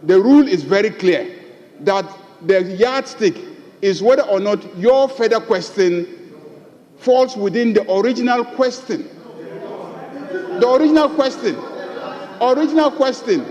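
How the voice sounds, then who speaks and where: A man's voice: sits high, animated, measured pace, pauses often, darkish tone. A man, the majority leader, lecturing on the rules and repeating his point in a parliamentary debate. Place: large parliament chamber. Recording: long reverb of a large chamber.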